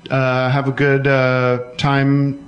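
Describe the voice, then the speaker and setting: Deadpan male comedy host. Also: medium pitch, slow pace, clear, resonant tone, muffled recording. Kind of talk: comedic call-in chat.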